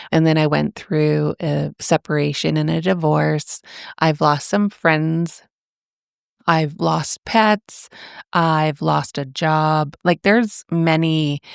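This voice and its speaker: A woman hosting a podcast interview, speaking in a slow, measured way. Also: low voice, gravelly, no room sound, clean studio sound. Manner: slow, measured, quiet affirmations. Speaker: podcast host. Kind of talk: casual interview.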